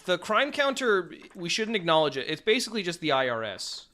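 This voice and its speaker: Excitable, bright-voiced young man. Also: high-pitched, brisk. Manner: teasing, excitable, swears a lot. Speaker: podcast co-host. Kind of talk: casual chat.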